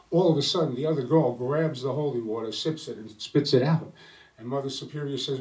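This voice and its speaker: A man telling stand-up jokes with a halting delivery full of fillers. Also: medium pitch, darkish tone. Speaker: stand-up comedian. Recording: voice slightly distant from mic.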